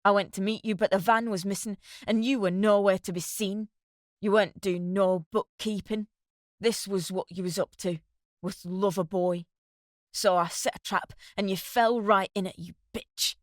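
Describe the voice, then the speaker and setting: A woman's voice: medium pitch, steady tone, moderate pace, no room sound, clean studio sound, close to an everyday voice. Woman doing a furious, wheezing jealous husband. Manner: loud, breathless, coarse insults.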